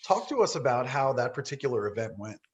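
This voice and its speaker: A man's voice: medium pitch, big pitch swings, fast talker. Man hosting a podcast interview. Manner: attentive, encouraging listener. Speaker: podcast host. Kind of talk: interview questions.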